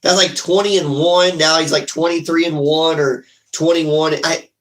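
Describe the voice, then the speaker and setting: A man giving an excited fan recap of a football game, animated and ranting, repeating himself. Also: a little high, normal speed, poor audio. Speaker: sports fan vlogger.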